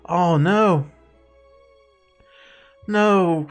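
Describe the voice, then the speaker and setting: A man hosting a reaction video, gushing with excited fan exclamations in casual commentary. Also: sits high, very slow. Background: faint show soundtrack music.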